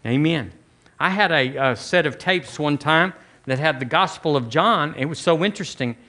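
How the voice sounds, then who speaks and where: A pastor delivering a sermon in a relaxed, talky manner. His voice sits a bit higher than most men's, and he often stumbles and restarts mid-phrase as he preaches. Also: moderate pace. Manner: conversational preaching with repeated restarts.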